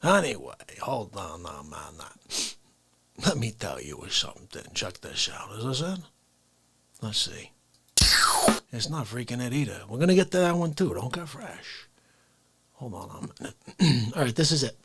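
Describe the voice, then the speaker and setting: A man hosting an unscripted comedy livestream, ranting with wild swings between whispers and shouts and frequent laughter. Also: mid-range voice, big pitch swings, normal speed, pauses often, slightly rough. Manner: wildly swinging delivery, dropping to whispers and bursting into shouts, laughing.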